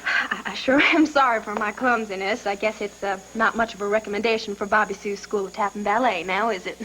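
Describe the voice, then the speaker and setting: An actress playing a giggly Texas belle. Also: female voice, medium pitch, steady tone, fairly quick, bright, forceful tone, a little hiss or hum, close to an everyday voice, low-quality recording. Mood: shy, friendly. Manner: self-deprecating, giggly, stammering politely. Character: bashful chatty young Texas belle. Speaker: veterinary clinic worker visiting town. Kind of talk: daytime soap acting.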